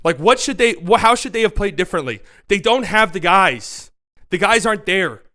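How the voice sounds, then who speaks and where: A man's voice: high-pitched, expressive, normal speed, sharp tone. A man hosting a solo sports commentary video, talking in a casual, emphatic, exasperated way with lots of swearing and restarts.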